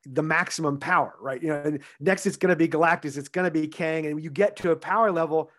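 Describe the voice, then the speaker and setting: A man co-hosting a podcast, explaining his view of a film in a measured, casual way. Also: fairly high pitch, a bit bright. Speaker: podcast co-host. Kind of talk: casual film review chat.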